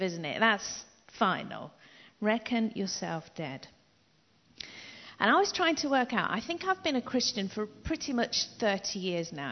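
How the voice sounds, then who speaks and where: Animated woman preaching in an echoey hall. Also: mid-range voice. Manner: emphatic, repeats key phrases, drops to soft asides. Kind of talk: sermon. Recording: dull echoey hall recording.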